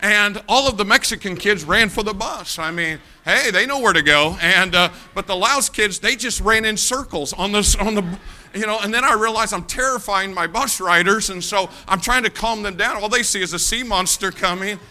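An American preacher delivers a sermon, telling a lively story at a normal pace. His voice is slightly high with a very bright, sharp edge, and he repeatedly speaks straight to the congregation.

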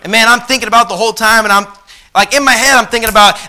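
Male preacher, middle-aged, very bright voice, slightly high pitch, animated sermon storytelling. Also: fast talker. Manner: animated, builds to loud passionate outbursts then drops soft. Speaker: pastor.

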